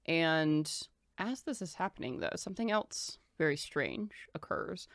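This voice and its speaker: A woman's voice: sits low, lively intonation, unhurried, no room sound, studio quality. A woman narrating a tabletop game as game master, describing scenes in a loose, chatty way with many fillers.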